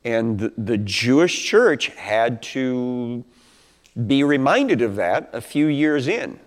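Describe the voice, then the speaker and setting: A man's voice: mid-range voice, very animated, slow. A man preaching a Bible teaching sermon in a conversational way, asking rhetorical questions and acting out quotes. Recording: long hall reverb.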